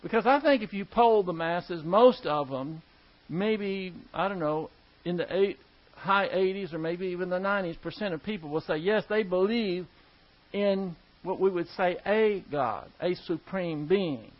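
High-voiced man teaching a Bible lesson. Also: a little slow. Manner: conversational, emphatic, repeats key words. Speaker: preacher. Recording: dull lo-fi recording.

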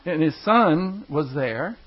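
Man, pastor, casual storytelling, folksy rambling, husky voice, dull lo-fi sound. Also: fairly high pitch, expressive, slow. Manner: rambling, chuckling, folksy asides. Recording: dull lo-fi recording.

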